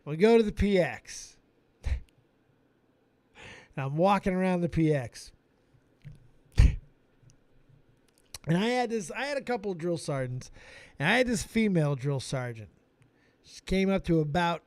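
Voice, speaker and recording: A man's voice: high voice, no echo. A man hosting a live stream who tells a comic story with heavy swearing. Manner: animated, swearing a lot.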